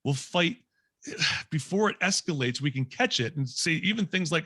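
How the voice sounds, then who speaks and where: A man's voice: on the high side, lively intonation, moderate pace, sharp tone, breathy edge, no room sound, clean studio sound. A man in his late forties tells a candid, self-mocking personal story to a group over a video call. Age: 40s. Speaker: guest speaker.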